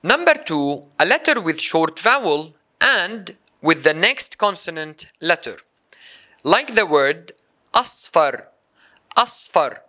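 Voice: mid-range voice, very animated, slow, bright, forceful tone. A language teacher giving a recorded lesson, saying each example word twice and then explaining it.

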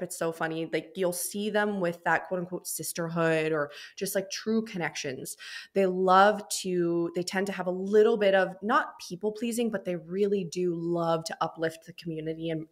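A young woman with a slightly low voice talks business as a podcast guest. She is chatty and animated, and she throws her pitch around when she acts out small scenes. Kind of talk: casual interview talk.

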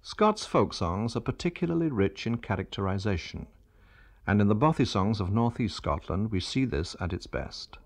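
A man narrating a radio documentary in a measured, lecturing way. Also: fairly low pitch, big pitch swings, vocal fry.

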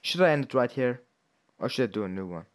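A man giving live commentary while playing a fighting game, cursing constantly and swinging from low muttering to angry yelling. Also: lively intonation, quick pace, faint music behind. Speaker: gamer.

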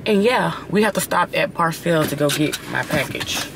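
Young woman, vlogger, excitable, loud, slangy, noisy phone recording. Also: deep voice, moderate pace. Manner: hyped, loud and laughing, swearing, slangy. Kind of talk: casual vlog chat to camera.

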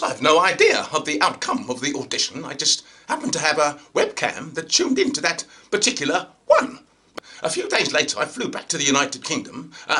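A man's voice: a little high, sharp tone. A male actor with a received pronunciation accent, hosting his channel with a chatty, theatrical comic monologue. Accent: British received pronunciation.

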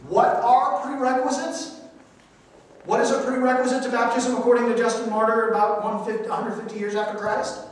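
A male priest teaches a church adult-education class in a church hall, reading quotations aloud and asking his listeners questions. His very high voice has little pitch movement and runs a little fast. The hall is echoey and the mic is far off.

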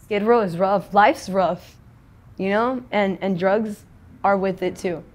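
A woman's voice: mid-range voice, steady tone, slow, a little mellow. A young adult woman in a casual street interview, talking in a rambling, slangy, profane way.

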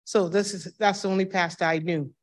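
With a lowish, fairly even voice and a slightly fast pace, this woman in her fifties recalls her pastor for a reading circle. Her testimony is warm, and she plays out the dialogue, laughing along.

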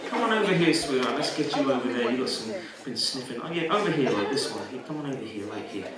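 A man working as a stage hypnotist at a live comedy show, playful with volunteers and dropping to a slow soothing murmur for trance suggestions. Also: mid-range voice, a loud crowd. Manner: energetic and teasing with volunteers. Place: college auditorium stage. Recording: echoey hall from far off, audience laughter. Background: laughing audience.

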